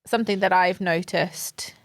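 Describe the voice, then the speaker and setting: A woman with a fairly low voice co-hosts a casual podcast. She makes her point thoughtfully and acts out small example dialogues. The sound is dry and close. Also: steady tone, normal speed, dry recording. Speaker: podcast co-host, colleague.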